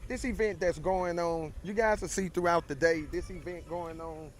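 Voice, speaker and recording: A man's voice: a little high, steady tone, moderate pace, a little hiss or hum. A man with a Texas accent co-hosting a casual outdoor livestream, hyped and repeating his phrases. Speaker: livestream co-host. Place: outdoor tailgate area beside a stadium.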